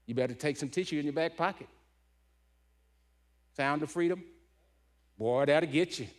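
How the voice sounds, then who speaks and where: A middle-aged keynote speaker gives a heartfelt, emotional storytelling talk to a men's gathering, punctuating points with "right?". His voice is a little high and moderately paced.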